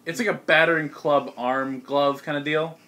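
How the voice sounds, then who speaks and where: A man's voice: on the high side, steady tone, sharp tone. A young man narrating as game master of a tabletop game with friends, casual and often laughing. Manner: casual, laughs often, quick voice snippets for monsters.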